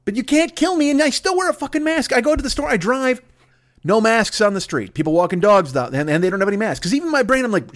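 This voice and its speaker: A man's voice: very high-pitched, very animated, fast. A man hosting a podcast, delivering a profane, comedic rant monologue. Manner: profane, ranting, swears constantly. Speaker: podcast host.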